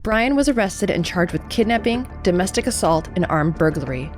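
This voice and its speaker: A woman narrating a true crime video in a measured, scripted way. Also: fairly low pitch, expressive, soft background music.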